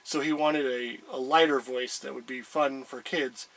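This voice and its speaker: A man's voice: medium pitch, steady tone, normal speed, a bit bright, rough recording. A man casually showing a collectible item, rambling with many hesitations. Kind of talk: casual chat.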